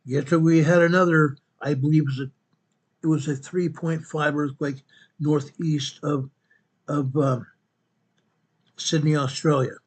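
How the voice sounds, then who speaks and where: Man, fairly high voice, earthquake map report, repeats numbers, self-correcting. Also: steady tone, a little slow, pauses often, husky. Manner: repetitive, restates each quake figure; corrects himself mid-sentence. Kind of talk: narrating a map-based earthquake update.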